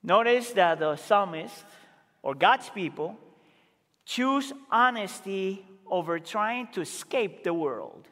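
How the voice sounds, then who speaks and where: Man, pastor, sermon, very high voice, earnest, emphatic swings, long hall reverb. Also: expressive, slow pace. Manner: earnest preaching, rising to emphatic exclamations and dropping to quiet asides. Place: church sanctuary.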